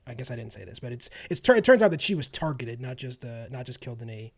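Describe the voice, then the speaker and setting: Man, podcast co-host, wry casual film chat, laughs a lot, mid pitch. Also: sing-song, quick pace. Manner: wry, laughs often, trails off with ums.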